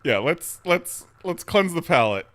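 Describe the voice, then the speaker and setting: Bright-voiced man joking on a podcast. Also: on the high side, a little slow, no room sound. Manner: joking, animated banter. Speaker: podcast co-host. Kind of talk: casual chat.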